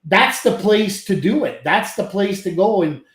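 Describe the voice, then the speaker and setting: A talkative, friendly man from Canada, here a company president chatting as a podcast guest. His voice is slightly high and he laughs easily. The recording carries a noticeable room echo. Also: lively intonation, a little slow, a bit bright. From French Canada. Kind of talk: casual chat.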